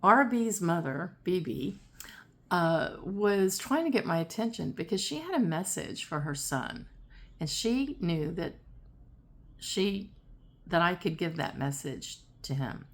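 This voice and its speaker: Woman, psychic storyteller, low gravelly voice, chatty, repetitive. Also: slow. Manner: chatty, repetitive, animated when quoting. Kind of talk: casual spoken storytelling. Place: home, seated in a rocking chair.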